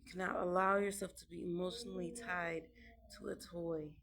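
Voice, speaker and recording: A woman's voice: fairly low pitch, little pitch movement, a little fast, fairly bright tone. A young mother talking about raising her children in a casual, emphatic monologue, repeating herself to drive points home.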